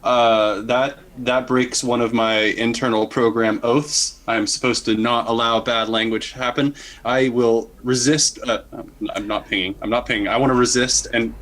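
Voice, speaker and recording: A man's voice: medium pitch, steady tone, moderate pace, a bit bright. A man as a player in a tabletop game, speaking earnestly for a stern robot character. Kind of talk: tabletop role-play.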